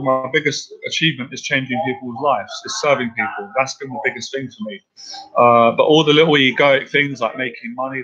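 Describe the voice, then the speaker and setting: A man hosts a live-stream Q&A as a dating coach, answering viewers in an earnest, straight-talking way. His voice is bright and forceful, with a medium pitch. The audio is dull and lo-fi. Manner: earnest and direct, addressing viewers as guys.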